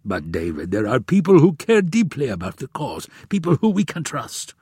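A man's voice: medium pitch, huge pitch swings, moderate pace, a little mellow, breathy edge, no room sound, studio quality, voice pushed up, full character voice. A man voicing a confident, naive adult prince in an audiobook, raising his voice above his own narration. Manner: confident, self-assured.

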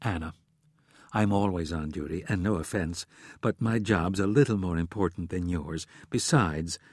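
A man's voice: low-pitched, moderate pace, darkish tone, slightly rough, dry recording, studio quality, pitched below the performer's own voice. A man voicing a cool, commanding woman who runs an intelligence agency, in a clipped and controlled way, for an audiobook. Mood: measured.

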